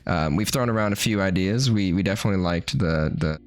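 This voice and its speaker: A man's voice: sits low, brisk. A young man from New Mexico co-hosting a podcast, chatting casually in a loose, profane, joking way. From New Mexico, USA. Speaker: podcast co-host. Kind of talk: casual chat.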